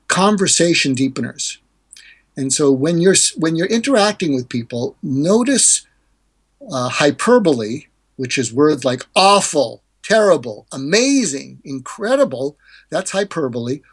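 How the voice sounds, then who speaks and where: Older male guest, husky and fairly high, animated explainer who mimics the people he quotes. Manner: animated, acts out quoted dialogue with pitch jumps. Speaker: guest, hostage negotiator and author. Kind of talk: podcast interview, explaining techniques.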